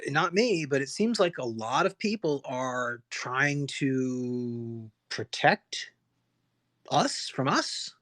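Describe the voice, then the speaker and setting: A man from the United States riffs heatedly on his own livestream. His voice sits a little high for a man. He keeps stumbling over restarts and firing off rhetorical questions. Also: a bit bright. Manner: impassioned, rambling, frequent restarts and rhetorical questions. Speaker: livestream host. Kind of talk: solo livestream rant.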